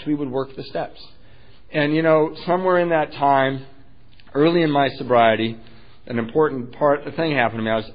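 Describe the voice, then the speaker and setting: Guy telling his recovery story straight from the heart, pokes fun at himself, goes quiet then loud, muffled lo-fi audio. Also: fairly high pitch. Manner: candid, heartfelt, self-mocking, swings between hushed and loud. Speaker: speaker sharing a recovery story. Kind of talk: personal testimony talk.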